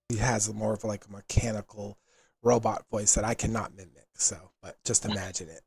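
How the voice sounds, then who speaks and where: A man narrating as game master in a tabletop game, relaxed and filler-heavy. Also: fairly low pitch, brisk, gravelly, husky, dry recording.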